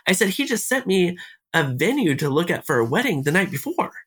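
A man's voice: high voice, sing-song, a little fast, a bit bright, breathy edge. A man, a podcast guest, telling a personal story step by step and quoting each exchange.

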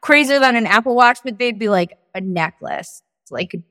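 A woman's voice: on the high side, animated, moderate pace, a bit bright, dry recording, studio quality. A woman telling a personal story on a podcast, rambling and full of "like", acting out what people said. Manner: rambling, full of "like" and acted-out quotes. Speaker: guest storyteller.

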